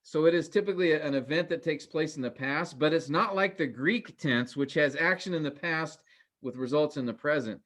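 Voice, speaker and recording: Male teacher, relaxed and chatty, earnest, many ums and restarts. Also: a little high, a little fast. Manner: relaxed and conversational, with frequent fillers and restarts; earnest, cautionary. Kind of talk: informal class lecture.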